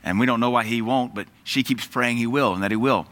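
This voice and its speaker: A man's voice: medium pitch, fairly quick, fairly bright tone. A man preaching a sermon in an earnest, emphatic way, quoting scripture.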